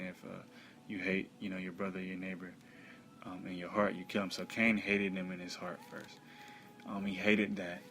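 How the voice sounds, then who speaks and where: A man teaching from the bible in a conversational way, with many fillers, reading scripture slowly and loudly. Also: sits low, a little hiss or hum.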